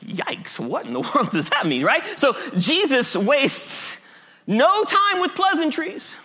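A man's voice: very high-pitched, sing-song, slow, pushed and bright. A man preaching a sermon, emphatic and repeating his key phrases, often chuckling at himself. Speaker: pastor.

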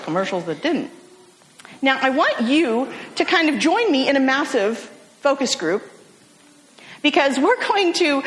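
Animated woman preacher in an echoing hall. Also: high voice. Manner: animated, humorous storytelling with acted quotes. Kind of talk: storytelling sermon.

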